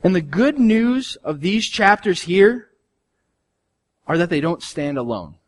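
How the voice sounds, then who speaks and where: Man preaching a sermon, slightly high voice. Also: big pitch swings, takes it slowly. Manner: earnest, conversational preaching with dramatic swings in loudness. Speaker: pastor.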